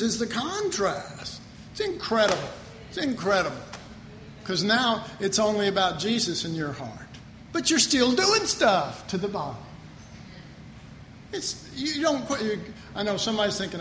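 A high-voiced man delivers a sermon in a church hall, animated and emphatic as he drives home his key points. The hall is reverberant, with a faint hum in the background.

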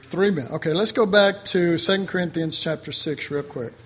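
A man preaching a sermon in an animated way, swinging between loud emphasis and soft low asides, acting out voices from the texts. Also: brisk, a little hiss or hum. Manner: acts out voices of figures in the texts.

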